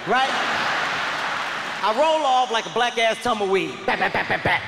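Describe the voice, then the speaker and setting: A male comedian telling a stand-up story in a loud, animated, profane way. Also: extremely high pitch, normal speed, vocal fry, pauses often. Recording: echoey hall reverb, faint noise.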